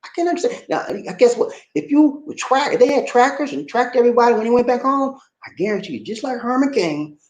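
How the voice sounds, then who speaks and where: A man hosting a casual livestream chat, animated and joking, reading out viewer comments. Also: very high voice, fast, hardly any pauses, reverberant. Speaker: livestream host.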